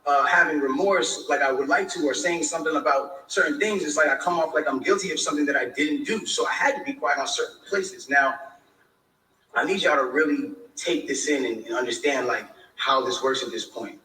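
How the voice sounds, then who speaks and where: A man's voice: fairly high pitch, brisk, sharp tone, slight background noise. Distant echoey man explaining himself. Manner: defensive, explaining at length. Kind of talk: livestream monologue. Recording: echoey room, away from the mic.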